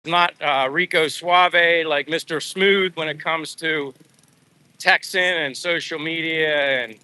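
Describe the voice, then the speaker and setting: A middle-aged man with a very bright, edgy tone and a somewhat raised pitch. He tells a personal story on a casual live stream. His delivery rambles and restarts, and he is openly emotional. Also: takes it slowly. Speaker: vlogger.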